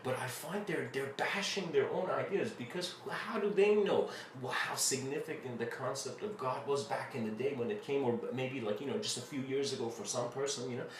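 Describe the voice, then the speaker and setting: A man's voice: mid-range voice, normal speed, hardly any pauses. Rambling man in a roomy space. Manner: rambling, full of fillers and restarts. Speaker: spiritual lecturer. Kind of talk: casual spoken lecture. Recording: roomy with faint ambient noise.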